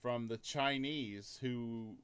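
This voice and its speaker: An American man hosting a gaming podcast. He argues his points with animation and opinion. His pitch is ordinary. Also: slow, fairly bright tone, smooth. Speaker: podcast host. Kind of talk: casual talk.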